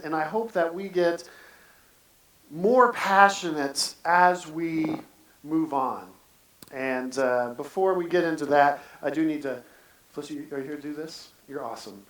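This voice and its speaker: A man preaches in a loose, earnest way and keeps stopping to restart his sentences. His voice sits a little high and is picked up from some distance, so it rings around a large church sanctuary. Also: fairly bright tone, echoey room. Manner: earnest, halting, many restarts. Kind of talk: casual church sermon.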